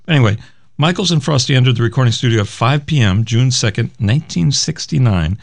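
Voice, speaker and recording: A man's voice: mid-range voice, animated, fast, vocal fry, dry recording. A man co-hosting a music radio show, chatting casually and rambling as he reads out old album liner notes. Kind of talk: casual chat about music records.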